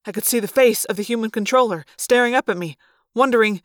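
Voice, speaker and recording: Female narrator for a storybook read-aloud, expressive and measured, dry close sound. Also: on the high side, dry recording. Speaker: reader.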